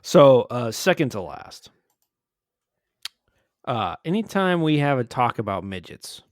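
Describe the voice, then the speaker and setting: A man co-hosting a podcast, chatting casually and laughing often as he looks back on old episodes. His pitch swings widely as he acts out quotes loudly. The sound is dry and close. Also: sing-song, unhurried, dry recording. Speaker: podcast co-host. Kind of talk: casual chat.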